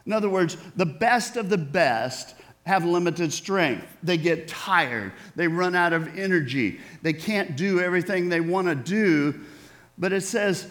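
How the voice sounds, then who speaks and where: A male preacher with a notably high voice delivers a sermon at a slow, unhurried pace. He talks conversationally and keeps turning to his listeners with questions. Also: animated, fairly bright tone. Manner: conversational, asks the audience questions.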